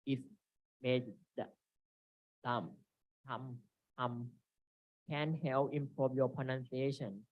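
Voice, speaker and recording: Halting man presenting a seminar. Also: medium pitch, steady tone, no echo. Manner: halting, reads from slides with frequent restarts. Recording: dry, dull lo-fi recording.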